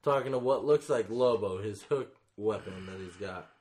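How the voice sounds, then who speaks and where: A man's voice: fairly low pitch, moderate pace, a little mellow. A man co-hosting a casual comic book chat, narrating the page panel by panel. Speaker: comic book podcast co-host. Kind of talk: casual chat, walking through the pages.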